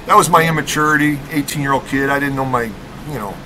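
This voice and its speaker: Over a noisy crowd on a rough recording, a middle-aged podcast guest from Rockford, Illinois talks fast in a mid-range voice. He tells an animated, emphatic story about his college basketball days, habitually tagging lines with "okay?".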